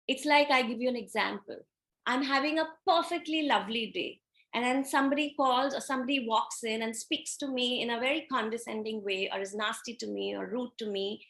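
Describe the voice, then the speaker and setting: A woman with a somewhat high voice leads a reflective spiritual teaching talk. She poses rhetorical questions and answers them herself, and she acts out everyday moments to make her point. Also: gravelly, a bit bright.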